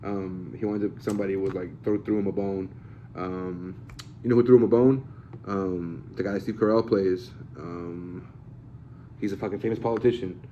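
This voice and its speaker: A man's voice: low-pitched, fairly even intonation, normal speed, mellow, slight background noise. A man hosting a casual podcast, telling a long story in a rambling, profane, hedging way. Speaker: podcast host. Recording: slightly dull lo-fi podcast audio.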